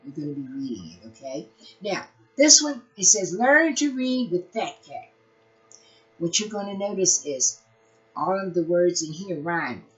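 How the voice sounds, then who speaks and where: A woman teaching early reading, reading a picture book aloud to young children in an animated, sing-song way with playful asides. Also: fairly low pitch, a little slow. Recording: dull lo-fi recording.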